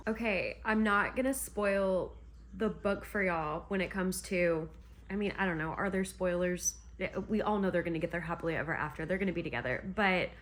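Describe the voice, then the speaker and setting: A woman retelling a romance novel in a chatty, gushing way on her book vlog. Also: medium pitch. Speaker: book vlogger. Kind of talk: casual book reading vlog.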